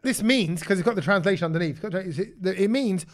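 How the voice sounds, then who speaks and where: A man hosting a casual podcast chat, telling stories in an animated way with quick restarts. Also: sits high. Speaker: podcast host.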